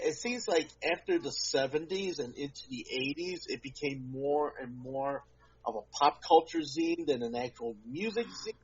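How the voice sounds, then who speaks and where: A husky man whose voice sits on the high side co-hosts a casual podcast conversation. He speaks at length, stressing his points in an emphatic, drawn-out way, over dull lo-fi podcast audio.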